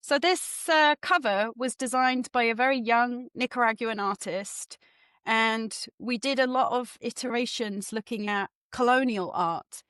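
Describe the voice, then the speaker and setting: A woman's voice: fairly high pitch, measured pace, smooth, no echo, clean studio sound. Chatty English woman with mid-Atlantic twang. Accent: mixed English and mid-Atlantic. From England, Norfolk. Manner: chatty, self-deprecating, animated. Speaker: guest author and development economist. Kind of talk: casual interview chat.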